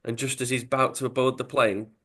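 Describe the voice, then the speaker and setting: A man casually retelling a football comic story as a podcast host, in a chatty, animated way. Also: medium pitch, fairly quick.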